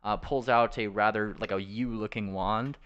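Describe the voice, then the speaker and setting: A man runs a tabletop game session, describing the scene in a fairly low voice. His tone is smooth and clear. He stops often with uh and um as he narrates. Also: steady tone, lo-fi sound. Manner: halting narration full of uh and um fillers. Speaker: game master.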